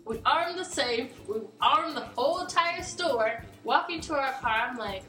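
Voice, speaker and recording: A woman co-hosting a show in casual chat, with quick, playful back-and-forth. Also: high-pitched, lively intonation, sharp tone. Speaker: show co-host. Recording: roomy, distant mic, music behind.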